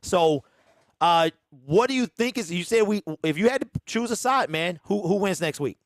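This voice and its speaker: A man's voice: high voice, expressive, moderate pace, no echo, studio quality. A man hosting a fan call-in show, talking loosely and repeating himself, with "man" in almost every sentence. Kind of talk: casual call-in chat.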